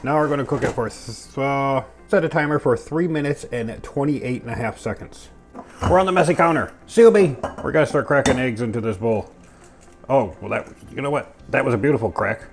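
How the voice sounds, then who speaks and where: A man's voice: medium pitch, brisk. A man cooking in his home kitchen and talking through each step in a goofy, chatty way, full of playful sound words. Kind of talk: casual cooking narration. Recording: music clearly under the voice. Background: music and clattering pans.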